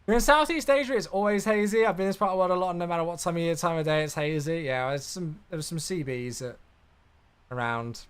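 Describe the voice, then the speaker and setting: A man's voice: a little high, quick pace, clean tone. A young man chatting casually on a live stream while flying a simulator, reacting aloud and answering viewers. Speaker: flight sim streamer.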